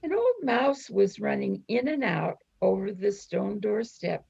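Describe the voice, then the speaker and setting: A woman panelist reading a passage aloud slowly and carefully, like a student in class. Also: mid-range voice, lively intonation, vocal fry, darkish tone, husky, no room sound, lo-fi sound. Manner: slow, careful reading with small restarts.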